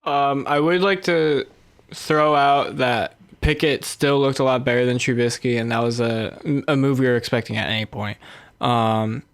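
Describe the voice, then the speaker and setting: Dry-sounding young man, measured sports talk. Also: mid-range voice, fairly even intonation, smooth, no room sound. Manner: measured, hedging with fillers. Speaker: podcast co-host. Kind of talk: casual sports chat.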